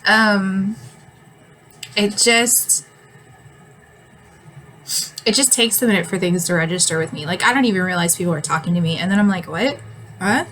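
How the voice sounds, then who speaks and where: A woman's voice: mid-range voice, normal speed, long pauses, fairly bright tone, slight background noise, poor audio. Chatty woman vlogging, a little winded. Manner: chatty, laughs often, trails off with ums. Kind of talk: casual rambling chat to camera.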